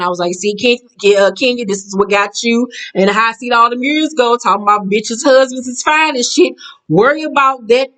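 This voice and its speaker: A woman recapping a reality show in blunt, profane, catty casual talk, jumping up in pitch as she acts out quotes. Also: low-quality recording.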